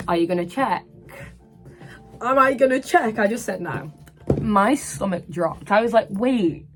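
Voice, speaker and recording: A twenty-year-old woman from England, telling a personal story casually in her room, animated and full of "like" and "literally". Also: on the low side, rough recording. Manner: animated, breathless retelling with lots of "like" and "literally". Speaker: vlogger. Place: her own room at university.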